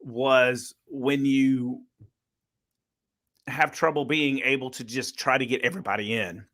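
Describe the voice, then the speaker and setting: Southern man co-host, middle-aged, bright forceful tone, jokey and quick to laugh. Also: mid-range voice. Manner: laughs often, animated and joking. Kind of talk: casual chat.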